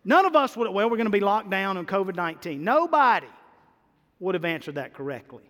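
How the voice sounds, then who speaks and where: A male pastor preaching in a church sanctuary with a high, bright-pitched voice. His delivery swings from loud, emphatic bursts to quiet, stretched-out lines. A long reverb trails every phrase. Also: brisk. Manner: animated preaching with sudden loud and soft swings. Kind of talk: sermon.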